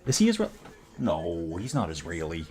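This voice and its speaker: A man's voice: low voice, huge pitch swings, normal speed, a little mellow. A man hosting a live stream, talking casually with rambling, jokey asides. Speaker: cycling stream host.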